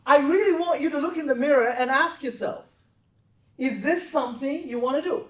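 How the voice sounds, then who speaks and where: A woman who heads a trading desk lectures her traders in an intense, high voice at normal speed. Blunt and profane, she presses them for answers in confrontational mentoring talk. The recording is roomy and captured from a distance.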